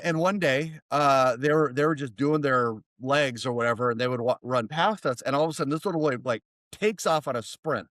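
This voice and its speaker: An American man, a therapist, telling a story as a podcast guest in a rambling, animated way. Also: mid-range voice, a little fast, few pauses, no echo. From United States. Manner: rambling, animated, many restarts. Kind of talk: casual storytelling.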